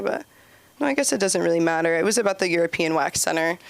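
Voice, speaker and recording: A woman's voice: on the low side, huge pitch swings, brisk, vocal fry, clear, resonant tone. A woman doing open mic stand-up comedy on a club stage, chatty and giggly, with lots of "like" in her speech. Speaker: stand-up comic and show host.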